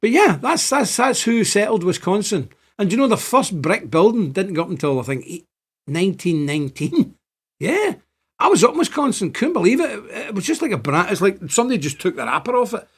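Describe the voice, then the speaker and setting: A man hosting a casual online show, rambling and animated, often swinging up loud. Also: high-pitched, brisk, slightly rough. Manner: animated, rambling, chants and jokes. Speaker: host.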